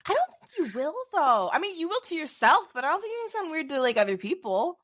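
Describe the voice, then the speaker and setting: A woman co-hosting a casual podcast, her bright voice swinging freely up and down as she talks. She is expressive and self-deprecating, heard close and dry with no room sound. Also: sits high, fast, no echo. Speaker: podcast co-host. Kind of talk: casual chat.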